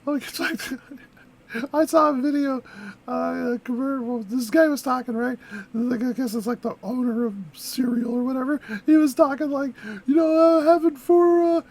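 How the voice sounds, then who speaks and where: Giggly high-voiced woman vlogger. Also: normal speed, gravelly, darkish tone. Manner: rambling, giggly, lots of fillers. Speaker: reaction video host. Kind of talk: casual chat.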